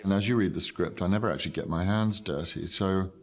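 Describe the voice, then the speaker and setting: Older guy actor, deep and croaky, thoughtful and a bit self-mocking. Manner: measured, thoughtful, self-deprecating. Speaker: actor recalling a film role. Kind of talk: reflective interview.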